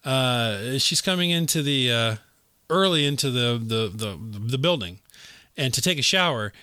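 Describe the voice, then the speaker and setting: An excitable man chatting on a podcast, his voice bright and lively, jumping up and down in pitch. The sound is dry and close, with little room. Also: moderate pace, clean tone, dry recording. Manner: excitable, gushing, many fillers. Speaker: podcast co-host. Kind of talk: casual chat.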